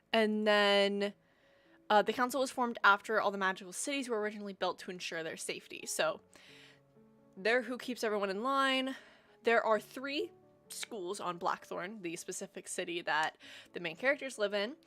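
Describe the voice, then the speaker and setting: A woman's voice: medium pitch, fairly bright tone. A young woman hosting a live stream, chatting casually with lots of ums while explaining a story world. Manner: chatty, rambling, frequent ums. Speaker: livestream host. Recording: faint music behind.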